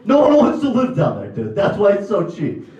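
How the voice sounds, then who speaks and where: A man's voice: high-pitched, huge pitch swings, normal speed, dark tone, muffled recording. A young man from Connecticut doing a profane, ranting stand-up set in a comedy club. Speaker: stand-up comic. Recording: echoey club from far off.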